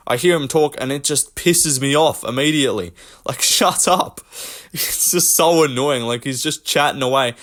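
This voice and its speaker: A man's voice: mid-range voice, moderate pace, fairly bright tone. A young man hosting a casual commentary rant, blunt, mocking and full of swearing. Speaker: host.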